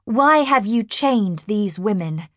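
A woman's voice: mid-range voice, lively intonation, takes it slowly, fairly bright tone, no room sound, studio quality. A woman narrator voicing a confident young woman warrior who speaks firmly and questions sharply. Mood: commanding. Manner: firm, questioning.

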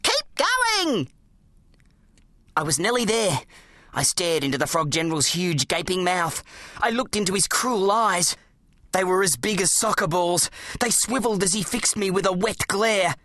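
An audiobook narrator, telling a children's adventure story in an animated, dramatic way. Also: medium pitch, moderate pace, dry recording. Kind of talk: scripted narration of a children's book.

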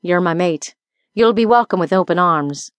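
A woman's voice: on the low side, moderate pace, no room sound, natural voice. A woman voicing a flirty Scottish dragon-shifter bounty hunter in an audiobook, teasing and affectionate, with a Scottish accent. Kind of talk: audiobook character voice.

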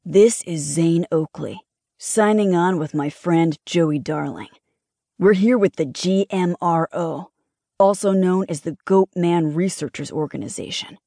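A woman doing a husky, hushed thrill-seeking young man. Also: on the low side, a little slow, dry recording, clean studio sound. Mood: eager. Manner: hushed conspiratorial delivery. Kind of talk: audiobook character voice.

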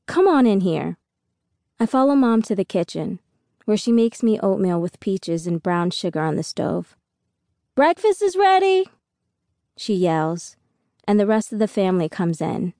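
A woman reads a first-person audiobook in an unhurried, reflective manner. Her voice sits somewhat low and mellow. The recording is close and dry. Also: dry recording. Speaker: audiobook narrator.

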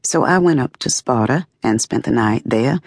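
A woman narrates a memoir in the first person, measured and expressive. Her voice carries a gravelly, creaky texture. The studio sound is dry and close. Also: very deep voice, no room sound. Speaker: audiobook narrator. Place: dry recording booth. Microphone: close studio mic.

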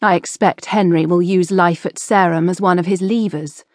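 A woman's voice: lowish voice, fairly even intonation, normal speed, darkish tone, no echo, clean studio sound, natural voice. A woman reading an audiobook, voicing a proud, strong-willed middle-aged queen who speaks firmly and defiantly. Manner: firm, defiant, clipped.

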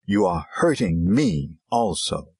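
A man voicing a patient, weary Zulu pastor's wife in an audiobook, speaking softly and pleadingly. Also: deep voice, sing-song, moderate pace, slightly rough, no echo, full character voice. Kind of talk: audiobook character reading.

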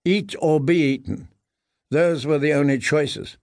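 A man narrates an audiobook in a measured, grave voice. His pitch sits a little high for a man. The recording is dry and close. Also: gravelly, a little mellow, dry recording. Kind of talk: scripted narration.

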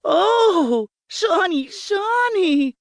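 A woman narrator voicing a passionate young Irish wife, with high, breathless cries. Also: sing-song, extremely slow, dry recording, clean studio sound, heavily acted. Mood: ecstatic.

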